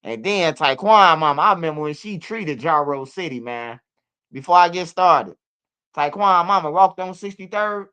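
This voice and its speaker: Man, profane rambling street commentary, higher voice, smooth clean tone. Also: animated, moderate pace, sharp tone. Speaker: online street-news commentator.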